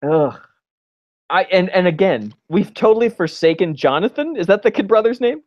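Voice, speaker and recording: A man's voice: high-pitched, big pitch swings, normal speed, lo-fi sound. A man co-hosting a podcast in casual chat, joking and sarcastic, often acting out lines in silly voices. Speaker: podcast co-host.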